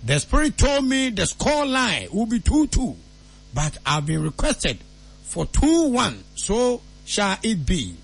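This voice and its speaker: A man's voice: extremely high pitch, big pitch swings, a little slow, gravelly, husky. A man with a Ghanaian accent playing a comic self-styled seer, swinging between mock-solemn pronouncements and loose joking. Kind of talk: comedic prophecy skit.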